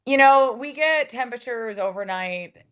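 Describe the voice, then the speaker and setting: A woman's voice: a little high, lively intonation, normal speed, a bit bright, clear, resonant tone. A woman TV news anchor from Minnesota, a guest chatting casually and laughing often. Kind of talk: casual interview chat.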